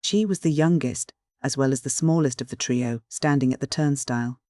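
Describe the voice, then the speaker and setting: Brief: measured classic-novel audiobook narrator, mid pitch, dry close-miked sound. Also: warm tone, no room sound. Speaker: audiobook reader.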